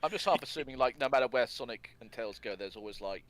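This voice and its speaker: A man's voice: mid-range voice, expressive, fast talker, fairly bright tone. A man co-hosting a podcast, recapping a cartoon plot and chatting casually, with many "like" fillers and half-finished phrases.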